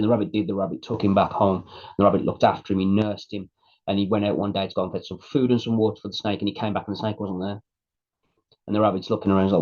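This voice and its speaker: Late-30s male co-host, casual storyteller, lowish voice, dull lo-fi recording. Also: flat delivery, fast, darkish tone. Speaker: podcast co-host. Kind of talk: casual chat.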